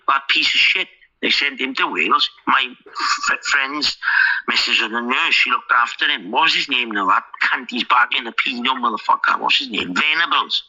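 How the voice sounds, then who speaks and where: A man's voice: mid-range voice, pushed and bright, highs cut off. A man hosting a podcast, ranting profanely in crude casual chat. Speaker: podcast host. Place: lives in Wales.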